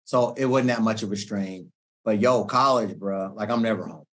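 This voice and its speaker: Animated middle-aged man telling coaching stories. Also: on the low side, moderate pace. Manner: animated slangy storytelling, acts out quoted speech. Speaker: guest, sports coach. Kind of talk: casual podcast conversation.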